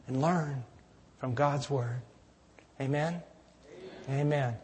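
A man with a high, husky voice preaches in a church, with a conversational, folksy delivery. His words ring out with a long reverb that fills the large room. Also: moderate pace. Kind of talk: sermon.

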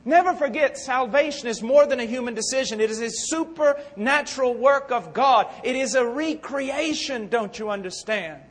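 Male preacher, very high pitch, impassioned sermon, reverb of a large hall. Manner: impassioned, swings from hushed to loud.

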